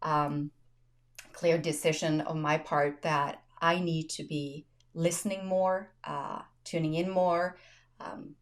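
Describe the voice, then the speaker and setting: Lower-voiced woman host telling stories. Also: fairly even intonation, slow pace. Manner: tells personal stories with quoted dialogue, laughs often. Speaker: podcast host. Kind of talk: casual conversational storytelling.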